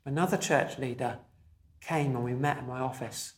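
Pastor, male, mid-pitched, delivering a measured and emphatic sermon in a roomy space. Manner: measured, emphatic preaching with slow stressed phrases.

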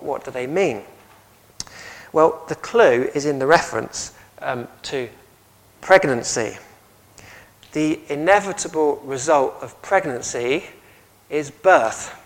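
A man's voice: mid-range voice, low-quality recording. A man with an English accent preaching a sermon, telling stories and asking the congregation questions. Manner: lively storytelling, audience questions.

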